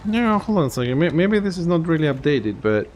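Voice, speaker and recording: Excitable man streaming a game. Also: a little high, fairly quick, a little hiss or hum. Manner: excitable, reacts loudly to the game, then mutters to himself. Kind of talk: live gameplay commentary.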